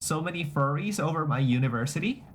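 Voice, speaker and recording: Young male streamer, higher voice with lively swings, loose rambling chat, doubles back on phrases. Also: fast, a little hiss or hum. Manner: rambling, repeats and restarts phrases; reacts to chat messages aloud. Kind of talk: casual livestream chat.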